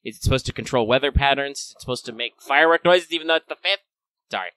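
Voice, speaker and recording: A man's voice: medium pitch, quick pace, sharp tone, clean tone, no room sound. A man narrating a tabletop game as game master, in a loose, rambling way with lots of fillers.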